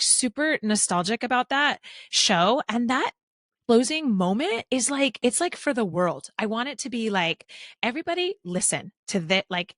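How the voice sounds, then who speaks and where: A woman's voice: fairly high pitch, a bit bright, dry recording, clean studio sound. A woman in her thirties hosting a casual podcast interview, chatty and enthusiastic, with plenty of fillers. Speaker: podcast host.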